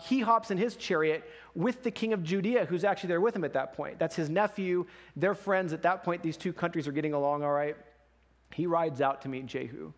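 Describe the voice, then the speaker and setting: A man preaching in a church, retelling a story in a casual, animated way, laughing along. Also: sits high. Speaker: pastor. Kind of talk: sermon.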